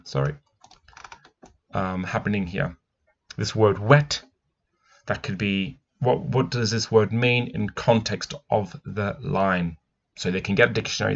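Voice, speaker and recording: Gravelly low-voiced man analysing a picture book. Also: a bit bright. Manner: thoughtful, musing, with frequent restarts. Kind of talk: read-aloud book analysis. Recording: dull lo-fi recording.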